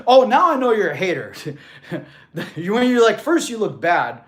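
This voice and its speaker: A man's voice: high-pitched, huge pitch swings, a little slow. A man in his thirties, a fitness streamer, chatting casually and reading viewer messages aloud in a laid-back way, calling people bro. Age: 30s.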